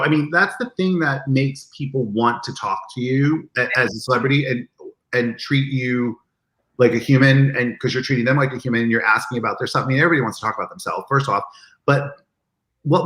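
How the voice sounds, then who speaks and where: A man telling stories as an interview guest, animated and acting out the lines he quotes in lively chat. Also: medium pitch, fast talker, roomy sound, low-quality recording. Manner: animated, acts out quoted dialogue. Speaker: guest, event marketing executive. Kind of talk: casual storytelling in an interview.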